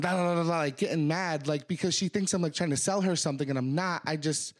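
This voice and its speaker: Profane, animated male podcast co-host. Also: fairly high pitch, quick pace. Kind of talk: casual chat.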